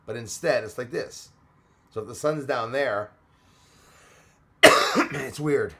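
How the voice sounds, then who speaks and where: A man's voice: medium pitch, slow pace, background noise. Chatty man hosting a stream. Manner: chatty, reads out viewer comments, frequent fillers. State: coughing now and then. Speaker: livestream host. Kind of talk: casual live-stream chat.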